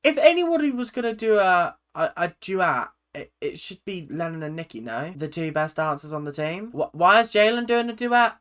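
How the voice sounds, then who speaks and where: A woman's voice: lowish voice, expressive, moderate pace, few pauses. A young woman in her twenties giving casual, opinionated reaction commentary, chatting freely. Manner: chatty and opinionated, with frequent laughs. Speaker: reaction video host.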